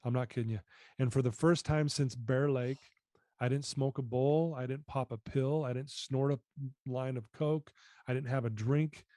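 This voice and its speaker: A man guest on a podcast, earnestly telling a personal story and often dropping his voice low. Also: fairly even intonation, moderate pace, mellow, no room sound, clean studio sound. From United States. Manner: earnest, reflective, often drops voice.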